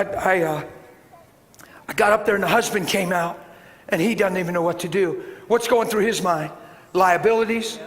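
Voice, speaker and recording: A middle-aged man preaching a sermon, telling a story with animated swings from shouting to soft, hushed tones. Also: high-pitched. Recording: echoey hall with faint ambience.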